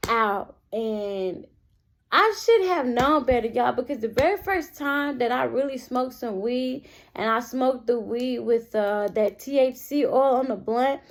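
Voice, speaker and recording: A young woman telling a storytime vlog, animated and constantly addressing her viewers directly. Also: on the high side. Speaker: vlogger.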